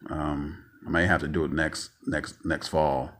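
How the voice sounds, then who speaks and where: A man's voice: rumbling low, level tone, unhurried, a bit bright. A man ranting angrily in a vlog monologue, profane and stammering, repeating himself and sounding emotionally tired.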